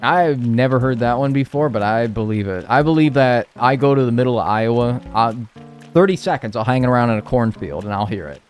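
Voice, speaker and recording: A young man streams a video game and chats casually while playing, rambling and swearing freely. His medium-pitched voice is animated and brisk with a darkish tone, and faint music plays in the background.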